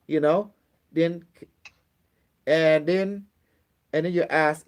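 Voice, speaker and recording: A spiritual teacher gives a small group a casual lesson, blunt and repetitive, cursing freely and acting out pleading prayers. His voice sits on the high side and is a little mellow, and he speaks unhurriedly with long pauses.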